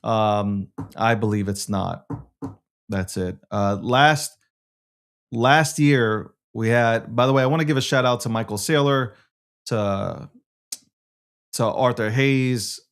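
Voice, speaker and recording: A man's voice: mid-range voice, fairly even intonation, takes it slowly, pauses often, clear, resonant tone. A man hosting a casual solo show, rambling, repeating himself and swearing offhand. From New York. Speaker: show host.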